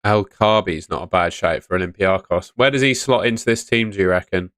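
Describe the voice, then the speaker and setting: His voice is low-pitched and a bit bright, and he talks a little fast as he hosts the fantasy football stream, reading chat messages aloud and answering them in casual, chatty commentary. A studio mic on a stand gives clean, echo-free sound.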